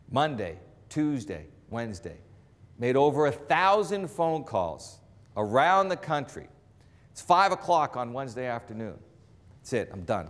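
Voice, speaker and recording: A sportscaster in his forties from the Boston area, his accent trained out, tells a motivational career story on stage. He acts out what the people in it said, stays animated, and goes low for asides, all within the long reverb of a large hall.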